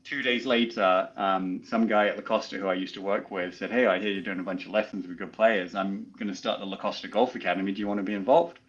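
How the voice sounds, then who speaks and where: Chatty English-raised golf coach in his thirties, low voice, dull lo-fi sound. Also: steady tone, fast, few pauses, a bit bright. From England. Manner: chatty, laughs while telling stories. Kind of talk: casual interview storytelling.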